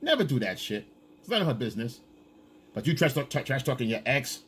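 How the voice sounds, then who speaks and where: A man's voice: mid-range voice, big pitch swings, a little fast, a bit bright, a little hiss or hum. A man giving blunt, profane, lecturing dating advice in a casual coaching monologue.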